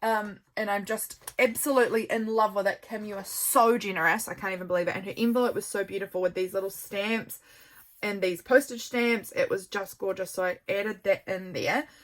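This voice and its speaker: Speaking a little fast in a mid-range voice with fairly even intonation, a young woman with a New Zealand accent leafs through her journal at home. She's tired and yawning, yet chatty and rambling, with warm asides for her viewers.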